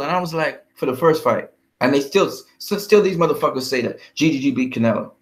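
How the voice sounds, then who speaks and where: A man's voice: a little high, animated, brisk. Heated man ranting about boxing. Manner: heated, profane, confrontational. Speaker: boxing vlogger. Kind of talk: ranting fight commentary.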